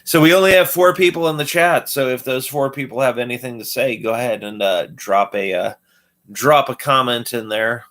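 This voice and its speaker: A man's voice: medium pitch, moderate pace, fairly bright tone. A man hosting a casual livestream, talking through a loose numbered list with many fillers and restarts. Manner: rambling, filler-heavy, loose list-by-list explaining. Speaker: livestream host.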